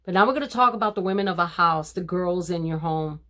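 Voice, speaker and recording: Older woman, homemaking vlogger; warm, preachy devotional chat. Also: fairly low pitch, fast talker. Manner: warm, preachy, addresses viewers as ladies. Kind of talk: casual devotional talk to viewers.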